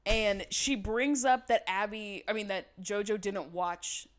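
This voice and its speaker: A woman's voice: medium pitch, unhurried. A woman co-hosting a podcast, recapping a show in casual chat, laughing often and acting out quotes.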